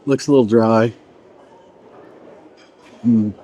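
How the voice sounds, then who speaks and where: Chatty man tasting food, lowish voice. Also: fairly even intonation, slow pace, mellow, lo-fi sound. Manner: chatty, rambling, trails off mid-sentence while eating. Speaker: vlogger reviewing a buffet. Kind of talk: casual food-tasting vlog. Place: indoor buffet restaurant.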